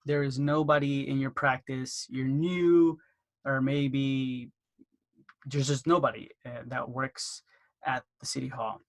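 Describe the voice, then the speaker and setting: A man casually teaching marketing for a dental practice, with lots of fillers, who acts out phone conversations by jumping into a higher voice. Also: little pitch movement, slow pace. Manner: acts out phone dialogues in a raised voice; loose, filler-heavy delivery. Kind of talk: casual instructional talk.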